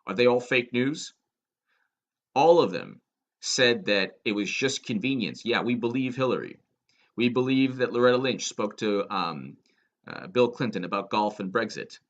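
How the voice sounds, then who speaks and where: A man's voice: medium pitch, animated, moderate pace, lo-fi sound. A man giving a political commentary monologue, sarcastic and emphatic, firing off rhetorical questions.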